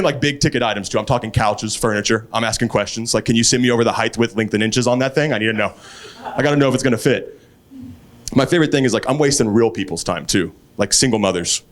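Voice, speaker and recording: A man doing a stand-up set on a club stage, springing into loud acted quotes. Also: fast talker. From Texas. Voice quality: animated, jumps high into acted quotes. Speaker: stand-up comedian. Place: comedy club stage, laughing crowd. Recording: live club with loud crowd laughter.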